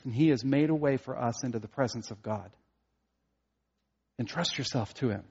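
A man preaching a sermon as a pastor, earnest, at times rising to emphatic preaching and at times dropping quiet. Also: on the high side, muffled recording.

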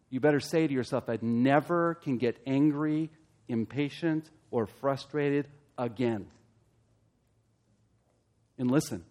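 A man preaching a sermon as pastor, asking the congregation direct questions and building to loud, emphatic peaks. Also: medium pitch.

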